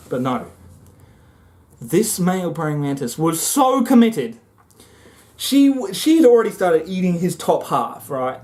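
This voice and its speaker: A man vlogging a comic monologue to the camera, excitable and often jumping into high voices as he acts things out. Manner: excitable, jumps into high squeaky voices when acting things out.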